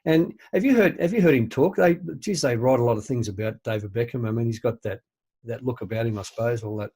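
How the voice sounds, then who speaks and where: A man's voice: medium pitch, quick pace, a little mellow, husky. An older man co-hosting a podcast, chatting casually in a rambling, hesitant way and laughing easily. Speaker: podcast co-host. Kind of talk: casual chat.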